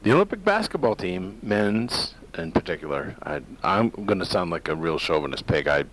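A very low-pitched male talk radio host rambles through an opinionated monologue. He speaks casually, stopping often on "uh" and restarting his sentences as he goes. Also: very animated, moderate pace, a bit bright, rough recording.

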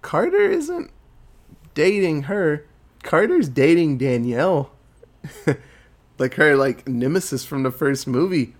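Profane, animated man recapping a movie. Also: a little high, slow pace, pauses often.

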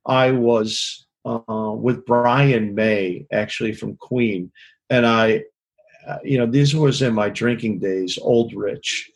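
Husky-voiced man telling frank road stories. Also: mid-range voice. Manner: rambling, frank, swears, keeps asking "you know what I mean?". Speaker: touring concert lighting director. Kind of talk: casual interview storytelling.

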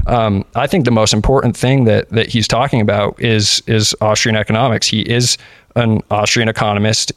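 A man's voice: on the low side, no echo, clean studio sound. A man in a casual political discussion, earnest and prone to restarts.

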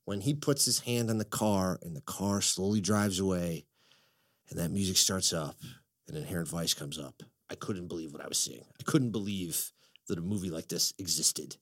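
A man hosting a casual podcast chat, excitable and profane, telling stories with lots of energy. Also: low voice, normal speed. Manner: excitable, profane, animated storytelling. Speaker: podcast host.

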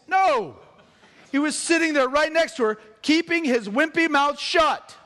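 High-pitched animated male preacher. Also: normal speed. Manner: animated, joking asides to the congregation. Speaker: pastor. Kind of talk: sermon.

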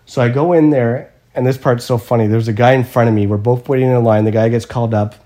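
A man's voice: medium pitch, fairly even intonation, quick pace, warm tone. A man casually telling a funny everyday story in a chat, self-mocking and swearing now and then.

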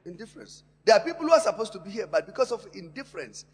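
Husky, animated preacher man in a reverberant church. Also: high-pitched, very fast. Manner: impassioned preaching with sharp rises and drops in loudness; repeats words and phrases for emphasis. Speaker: pastor. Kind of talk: sermon. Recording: long hall reverb in a church.

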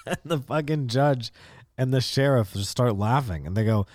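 A young man hosting a podcast, telling a courtroom story in a ranting, heavily swearing, animated way into a close mic. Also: medium pitch, fairly quick, dry recording. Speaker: podcast host. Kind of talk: profane comedic storytelling.

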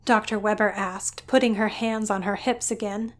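A woman narrating a scripted story in an even, descriptive way. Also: medium pitch, normal speed, few pauses, slight background noise.

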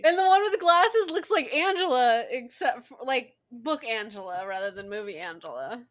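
Animated, sarcastic woman reacting to a film. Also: fairly high pitch, normal speed. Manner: animated, swears freely, sarcastic running commentary. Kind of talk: casual reaction commentary.

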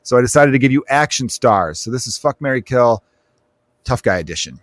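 A man's voice: mid-range voice, expressive, brisk, dry recording. Male podcast host, casual and joking, dry studio sound. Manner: rambling, joking, fond of asides.

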